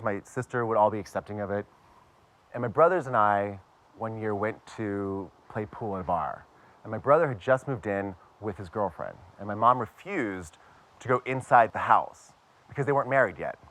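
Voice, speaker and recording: A man's voice: lowish voice, animated, normal speed, fairly bright tone. A man from Pittsburgh telling a personal story to a live audience with wry, self-mocking humor. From Pittsburgh, USA.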